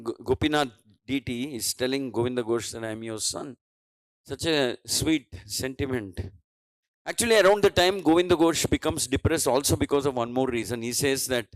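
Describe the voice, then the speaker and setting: A man's voice: mid-range voice, a little slow, long pauses, no echo, low-quality recording. A man with an Indian English accent giving a devotional scripture class, telling a story and voicing its dialogue with many restarts and fillers.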